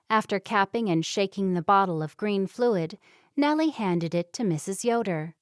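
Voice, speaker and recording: A woman narrating a romance novel audiobook in an even, measured reading. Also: mid-range voice, clear, resonant tone, no room sound, clean studio sound. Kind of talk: scripted narration.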